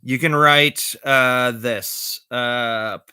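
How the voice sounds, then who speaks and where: A man chatting casually on a vlog about magic tricks, rambling and halting with many fillers and corny jokes. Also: medium pitch, steady tone, pushed and bright, smooth, dry recording, clean studio sound. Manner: corny jokey delivery. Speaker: vlogger showing magic tricks.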